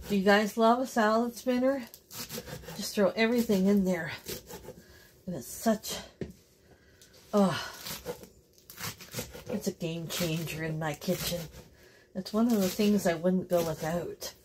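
A woman's voice: mid-range voice, a little slow, pauses often. A woman hosting a casual home vlog at a cottage, chatting straight to her viewers. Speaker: vlogger. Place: family cottage. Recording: noisy home video recording.

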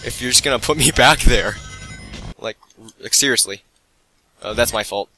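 In a mid-range voice at a moderate pace, a man commentates his gameplay live, talking to himself, getting excited, and teasing himself over mistakes. Soft music plays in the background of a low-quality recording.

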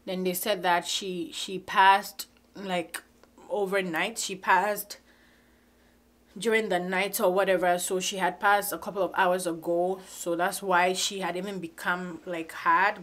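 A woman in her twenties telling a personal story in a vlog, halting and emotional, fighting back tears. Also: medium pitch, fairly bright tone. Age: 20s. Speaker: vlogger. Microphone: phone camera.

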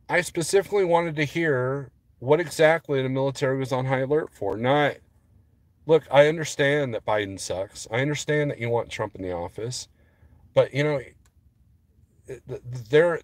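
A man's voice: medium pitch, moderate pace, no echo. A man vlogging as a trucker, rambling casually to his viewers and getting worked up as he talks. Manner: rambling, restarts often, gets heated.

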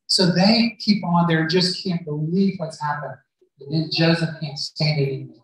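A man's voice: on the high side, fairly even intonation, moderate pace. Male preacher in a very echoey hall. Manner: storytelling, acts out the characters' lines. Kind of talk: sermon retelling a Bible story. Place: church hall. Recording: very echoey hall, voice far from mic.

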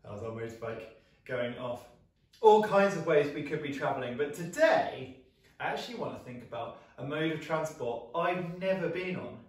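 A young British man leading a children's singing assembly, upbeat and encouraging as he guides vocal warm-ups and sound effects. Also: fairly high pitch, lively intonation, normal speed, a little hiss or hum. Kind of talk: lively music lesson for children. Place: small flat, echoey room. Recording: echoey room, mic at a distance.

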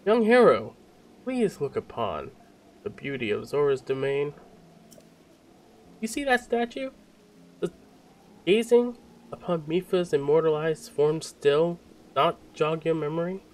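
A man reading game dialogue aloud as a huge, warm old fish-folk king, speaking in a grand, theatrical way. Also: a little high, expressive, unhurried, pauses often, pitched above the performer's own voice. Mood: pleading.

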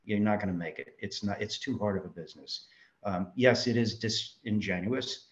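A man from New York, a filmmaker, telling lively anecdotes in an interview and acting out the voices he quotes. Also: on the low side, moderate pace. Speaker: guest filmmaker. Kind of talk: storytelling interview answers. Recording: dull lo-fi audio.

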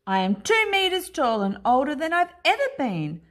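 A woman voicing a small young male monster who boasts loudly but is secretly scared of children. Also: big pitch swings, normal speed. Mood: boastful. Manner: proud and blustering, then squeaky when scared.

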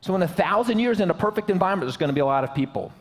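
A man's voice: high voice, expressive, rapid-fire, long reverb tail. A man preaching a sermon to his church, in a joking, conversational way. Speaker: pastor. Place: church sanctuary.

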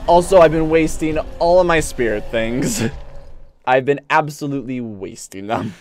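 A man's voice: fairly high pitch, normal speed. A man streaming a video game, reacting with yelps, groans and silly asides. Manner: jokey baby talk and sing-song asides. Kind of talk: live gameplay commentary. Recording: loud game music behind.

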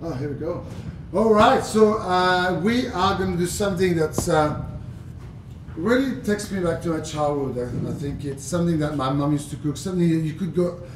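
A man from France with a French accent, hosting a live cooking demonstration in a chatty, playful way with plenty of fillers. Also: fairly quick. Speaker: chef hosting a cooking livestream. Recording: echoey room, distant mic, low rumble.

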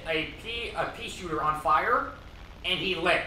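Young man, gamer chat, trash-talking, rambling, bright voice, echoey room, faint noise. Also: fairly high pitch, measured pace. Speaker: gamer streaming with friends. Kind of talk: casual gaming banter over voice chat. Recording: roomy, distant mic with faint background noise.

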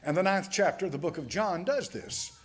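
A man's voice: high voice, animated, brisk, husky. A man preaching a Bible-teaching sermon as a pastor, reading scripture aloud in King James wording with emphatic delivery. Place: church sanctuary, Sunday school class.

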